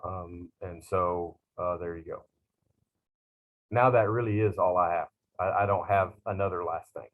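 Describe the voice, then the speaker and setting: A middle-aged man, a culinary instructor talking to his class in a slow, rambling, self-teasing way with many fillers. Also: low voice, steady tone, narrow, tinny audio. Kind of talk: class talk to students.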